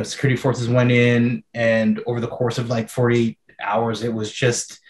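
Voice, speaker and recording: A man who works as a filmmaker answers questions in a Q&A interview. He talks in an even, flat tone, searching for words with many fillers and restarts. The sound is roomy and echoey, as over a video call. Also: medium pitch. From Canada.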